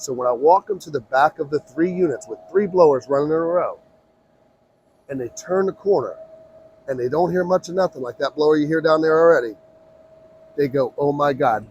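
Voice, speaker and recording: Husky-voiced man giving a pushy sales pitch. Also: low-quality recording. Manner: pushy, energetic salesman, repeats himself. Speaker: inflatable business owner. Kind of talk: trade show sales pitch. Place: trade show booth beside running blowers. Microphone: mic on, recorded on a phone.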